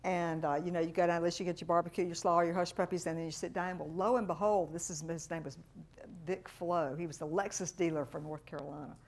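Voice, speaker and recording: A middle-aged woman, a fundraising consultant giving a workshop talk and telling animated stories with quoted voices. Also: on the low side, quick pace.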